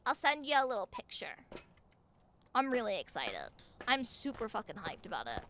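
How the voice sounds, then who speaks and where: A woman streaming live from home on a desk mic, chatting casually, excitable and swearing freely as she gushes thanks at her viewers. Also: a little high, moderate pace, a little hiss or hum.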